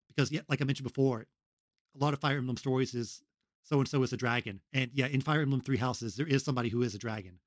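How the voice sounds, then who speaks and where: A man talking casually on a podcast, relaxed and full of fillers. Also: mid-range voice, no echo, clean studio sound. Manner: relaxed, filler-heavy storytelling. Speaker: podcast co-host.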